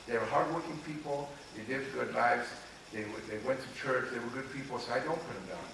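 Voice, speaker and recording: A man of around 60 from Los Angeles, an author telling candid personal stories in an interview, animated and confiding and often checking that the listener follows. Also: mid-range voice, fairly quick, gravelly. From Los Angeles, USA. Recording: echoey room, distant mic, noisy ambience.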